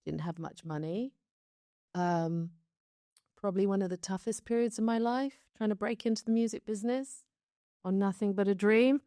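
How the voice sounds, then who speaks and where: A woman's voice: medium pitch, moderate pace, warm tone, dry recording, studio quality. A British woman from London, recounting her life story in a candid interview, chatty and reflective with laughs between stories. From London, England. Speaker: show creator being interviewed.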